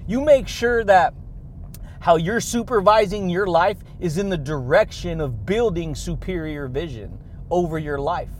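A man hosting a motivational podcast, talking in an exuberant way, laughing between phrases and leaning on drawn-out catchphrases. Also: high voice, animated, a little hiss or hum. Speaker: podcast host.

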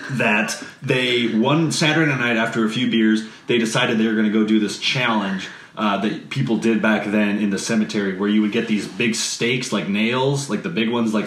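A man casually telling a family anecdote, animated and full of "like", often leaping into high voices to quote people. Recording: roomy echo.

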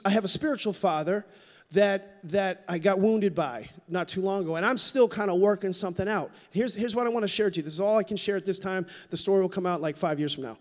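A middle-aged man preaching a sermon in a church, telling a personal story with candor and dropping to a hush at tender moments. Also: high-pitched. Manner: candid, storytelling, drops to a hush for quoted moments. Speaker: pastor. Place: church sanctuary. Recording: long hall reverb.

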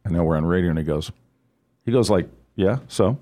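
A middle-aged man, a guest on a radio talk show, telling stories in a casual, animated way and acting out the people he quotes. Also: low-pitched, quick pace. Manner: animated storyteller, acts out quoted voices. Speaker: guest, financial advisor.

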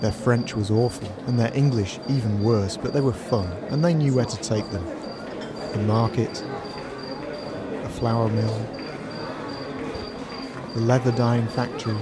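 A man narrating a scripted story in a steady, measured way. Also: medium pitch, heavy background noise.

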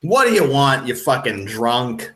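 A man's voice: medium pitch, very animated, measured pace, sharp tone. A man voicing an irritable male pub owner who snaps curtly at strangers. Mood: snapping. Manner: curt, snapping.

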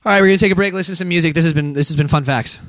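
A man's voice: on the high side, very fast, fairly bright tone. A young man co-hosting a podcast, joking crudely and reading out fun facts with lots of swearing. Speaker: podcast co-host. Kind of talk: crude comedic banter.

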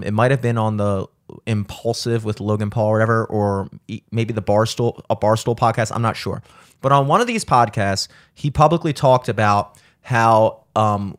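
Man, podcast co-host, casual, rambling, lots of "like" and swearing. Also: medium pitch. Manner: rambling, profane, many fillers and restarts.

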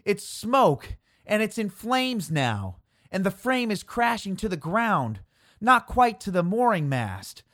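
A narrator, pitching the voice well up, plays a panicked 1930s male radio reporter watching a disaster unfold. The words come out in breathless, broken bursts, loud and climbing high. The sound is close and dry, with no room echo. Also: wildly swooping pitch, takes it slowly, few pauses. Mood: horrified. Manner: sobbing, breathless, broken-off exclamations. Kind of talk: reenacted archival radio report.

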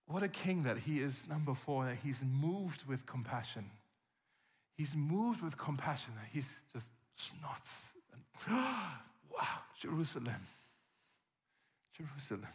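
A man preaching a sermon as pastor, telling the story vividly and acting out scenes with gasps and shouts. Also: medium pitch, expressive, slow pace, pauses often, slightly rough. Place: church hall. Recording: long reverb from a church hall.

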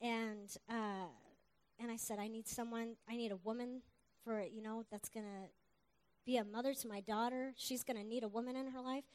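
A middle-aged woman preacher giving an earnest, animated sermon testimony. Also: fairly high pitch. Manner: earnest, animated, with quick asides and laughs.

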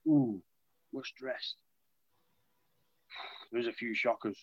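A young man, chatting in an interview about playing rugby league, with a relaxed, self-deprecating manner and lots of restarts. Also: mid-range voice, slow pace, dry recording, muffled recording. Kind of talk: casual interview chat.

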